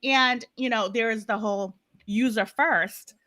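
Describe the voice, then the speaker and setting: A woman from Massachusetts with a Boston accent, moderating a virtual panel discussion in an emphatic, animated, playful way over a video call. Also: a little high, measured pace.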